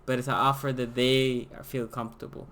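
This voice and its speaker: Guy hosting a live call-in sports show, bright voice, chatty and animated. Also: mid-range voice, brisk. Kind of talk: casual sports call-in chat.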